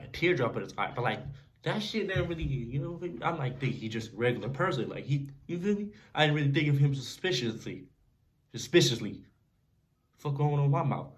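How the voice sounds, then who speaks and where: A young man casually telling a story to camera in a slangy, animated way, often checking in with the listener. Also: mid-range voice. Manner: animated, slangy storytelling with frequent "you feel me". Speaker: vlogger.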